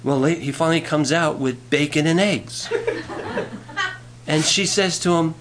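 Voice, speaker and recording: A man's voice: on the high side, measured pace, pauses often, very noisy. A male pastor preaching a sermon in a folksy way, telling jokes and reading scripture aloud.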